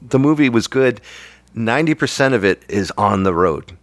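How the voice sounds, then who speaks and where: A man's voice: mid-range voice, lively intonation, normal speed, no echo. A man co-hosting a podcast, chatting casually in a rambling, jokey way. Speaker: podcast co-host. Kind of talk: casual chat.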